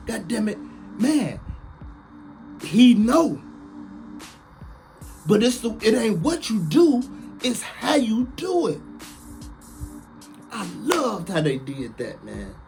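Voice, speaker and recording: Guy ranting to his stream, high voice, drawls everything out slow, faint music under it. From Chicago, USA. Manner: emphatic, preachy, sounds like shouting even when calm. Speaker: online commentator. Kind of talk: casual live-stream monologue.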